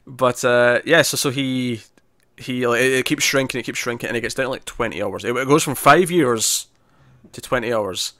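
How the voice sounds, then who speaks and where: A man chats through an episode recap, jumping into characters' voices as he goes. His pitch sits in the middle of the range. The recording is dry and close. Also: normal speed, no echo. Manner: animated recapping, acts out characters' lines; frequent restarts and repeated words. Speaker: podcast co-host reviewing TV. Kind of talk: casual review discussion.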